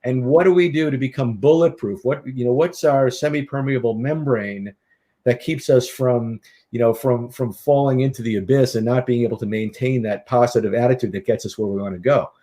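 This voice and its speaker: A middle-aged man, a guest author and speaker, telling stories in an animated, casual interview. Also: medium pitch, a little fast. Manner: animated anecdotal storyteller.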